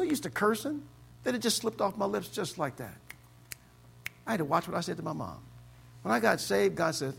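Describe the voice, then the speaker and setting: A man from the States preaching a sermon as pastor, swinging between loud exclamations and low, quiet stretches. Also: very animated, normal speed, creaky, long pauses, slight background noise. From United States.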